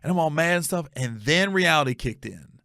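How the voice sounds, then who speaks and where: A man's voice: fairly high pitch, brisk, no echo, studio quality. A man in his forties, a comedian hosting his show, telling a story casually and profanely, acting out every voice. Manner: animated, profane, acts out every voice. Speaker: comedian host.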